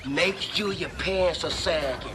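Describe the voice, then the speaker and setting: A man's voice: a little high, slow. A man acting in a sitcom with a wisecracking, exaggerated delivery, over music and audience laughter. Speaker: sitcom character.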